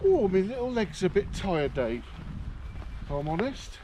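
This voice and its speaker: A man's voice: high-pitched, big pitch swings, a little slow, noisy background. A man from Shropshire, England, chatting outdoors on a countryside trail as a hiking companion, laid-back and plain-spoken.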